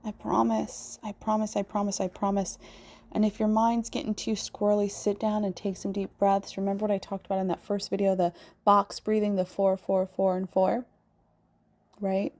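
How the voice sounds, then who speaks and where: A woman's voice: mid-range voice, level tone, moderate pace, a little mellow. A woman in her thirties from the Pacific Northwest, rambling in a heartfelt spiritual talk and swearing casually. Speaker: spiritual channel host.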